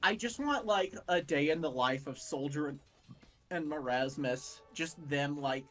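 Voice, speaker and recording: A man's voice: on the high side, a little slow, fairly bright tone, faint music behind. A young man co-hosting a casual chat, rambling and jokey. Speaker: podcast co-host.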